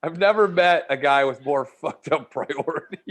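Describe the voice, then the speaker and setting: A man's voice: fairly high pitch, normal speed, a bit bright. A man in casual podcast chat, teasing the others and laughing a lot.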